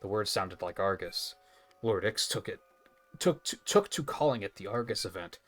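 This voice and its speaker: A man's voice: fairly low pitch, animated, moderate pace, a bit bright. A man reading aloud the lines of a weary exiled clan survivor in a video game, in a plain, thoughtful tone. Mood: reflective.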